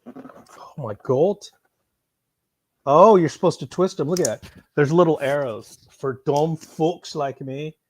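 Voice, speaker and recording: A man chatting casually on a live stream while unboxing, excitable and rambling, swearing freely. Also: a little high, slow pace, long pauses. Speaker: streamer unboxing and answering chat.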